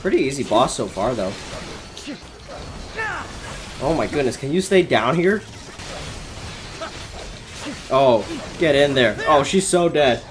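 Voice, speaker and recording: A man giving live gameplay commentary from his bedroom, excitable and quick to shout and laugh. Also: mid-range voice, background noise. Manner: excitable, loud exclamations and laughs. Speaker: gaming YouTuber.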